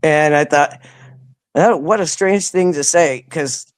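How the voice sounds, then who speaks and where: Deep-voiced and slow, this interview guest rambles through her story in conversation, frequently restarting sentences and lifting her voice to act out quoted dialogue. The close, dry recording has no echo or room sound.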